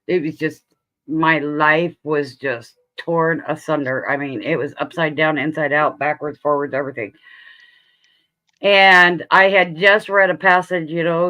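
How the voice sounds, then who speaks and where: A woman's voice: low voice, unhurried, sharp tone, lo-fi sound. A woman hosting a casual livestream, speaking earnestly about her faith and laughing easily. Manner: earnest, sharing personal faith, breaks into laughs. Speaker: livestream host.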